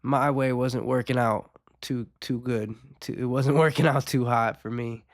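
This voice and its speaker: A man of middle pitch speaks with a congested, nasal tone left over from a recent cold. He hosts his own show and talks in a candid, unhurried way, dropping soft rueful laughs between his thoughts. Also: fairly even intonation, no room sound, clean studio sound. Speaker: podcast host. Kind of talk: reflective personal talk on addiction recovery.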